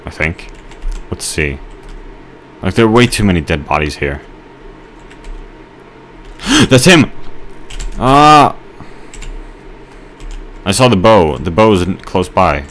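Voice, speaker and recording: A man giving rambling let's play commentary, telling a halting story with mock outrage while he plays. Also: sits low, expressive, a little hiss or hum. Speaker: gamer.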